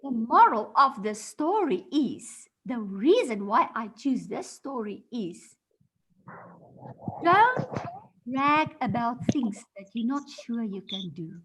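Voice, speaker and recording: A woman teacher reading a story aloud to her class, animated, acting out the parts. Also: fairly high pitch, slow, heavy background noise. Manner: animated storyteller, gasps and acts out voices.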